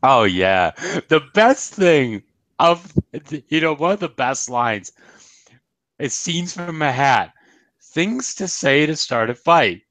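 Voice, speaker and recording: Young male co-host, unhurried delivery, dry close sound, giggly. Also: on the high side, sing-song, a bit bright, dry recording, rough recording. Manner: laughs often, quotes comedy lines. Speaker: podcast co-host reviewing a cartoon episode. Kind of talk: casual chat.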